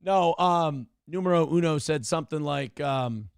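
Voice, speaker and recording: Brash, gravelly, high-voiced male host. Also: unhurried, dry recording, studio quality. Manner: brash, taunting and profane. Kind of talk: livestream morning show, reading donations.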